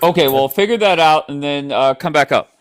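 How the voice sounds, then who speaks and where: A man's voice: a little high, fairly quick, over music. Exasperated man moderating a live stream. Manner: cuts in to stop arguments, exasperated. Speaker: host.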